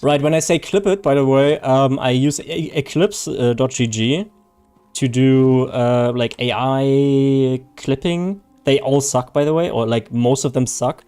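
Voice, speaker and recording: A man's voice: medium pitch, measured pace, warm tone, smooth. A man chatting casually on a live game stream, reading viewer chat, joking and laughing often.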